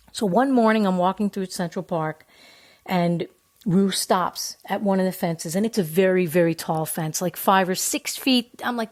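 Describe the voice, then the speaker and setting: A woman telling a casual personal story about her dog, animated, acting out the voices of the people in it. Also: mid-range voice. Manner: animated, acts out quoted voices. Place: New York City.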